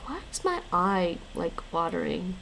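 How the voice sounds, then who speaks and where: Gravelly-voiced woman streamer reading lessons. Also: fairly low pitch, sing-song, unhurried, a bit bright, a little hiss or hum, rough recording. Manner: reads lesson notes aloud and chats with viewers, laughing often. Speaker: language-learning streamer. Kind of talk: casual live-stream chat.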